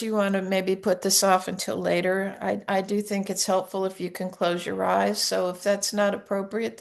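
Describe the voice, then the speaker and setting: A woman hosting a podcast, gently guiding listeners through a reflective practice in an unhurried way with small restarts. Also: medium pitch, vocal fry. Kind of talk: reflective guided practice talk.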